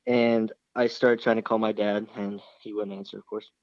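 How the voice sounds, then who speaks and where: Low-voiced man telling a hunting story. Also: normal speed, dry recording, highs cut off. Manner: rambling, animated retelling with quoted dialogue. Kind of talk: casual storytelling.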